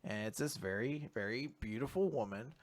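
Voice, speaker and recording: A man hosting a podcast, retelling a manga chapter in an animated, casual way. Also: mid-range voice, normal speed. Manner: animated retelling, acts out quotes, laughs a lot. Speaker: podcast host. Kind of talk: casual manga recap chat.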